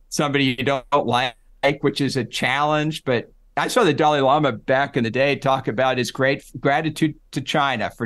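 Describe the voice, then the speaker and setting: A middle-aged man, a psychology professor, talking in a relaxed interview and acting out the voices he quotes. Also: medium pitch. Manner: animated storyteller, acts out quoted voices. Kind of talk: casual conversational interview.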